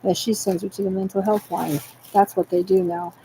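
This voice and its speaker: A woman's voice: medium pitch, level tone, fairly quick, background noise. A tearful woman in a rambling, distressed monologue, agitated and repetitive, swearing as she talks.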